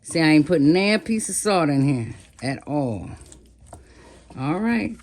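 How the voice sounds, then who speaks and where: A woman's voice: low voice, expressive, measured pace, darkish tone. A woman over fifty, chatting casually to viewers as she seasons and fries chicken. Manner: chatty, talks to viewers while cooking. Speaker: cooking vlogger. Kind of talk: casual cooking vlog.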